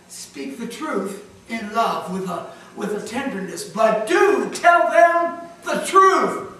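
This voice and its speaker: High-pitched man preaching in an echoey chapel. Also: expressive, takes it slowly. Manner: dramatic, swinging from loud emphatic bursts to hushed asides. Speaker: pastor. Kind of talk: sermon. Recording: very echoey chapel, mic far off.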